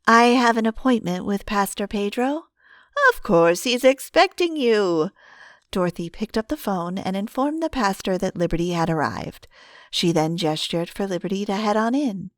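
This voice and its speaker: A woman narrating an audiobook in a calm, steady storytelling manner on a close mic. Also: on the low side, no room sound.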